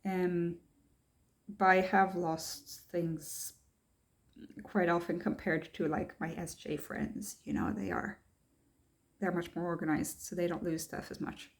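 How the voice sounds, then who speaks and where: A woman's voice: fairly low pitch, flat delivery, a little slow. A young woman talking casually to camera, hesitant and thoughtful, reading checklist items aloud and then answering them herself. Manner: thoughtful, hesitant, many ums and restarts. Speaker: vlogger.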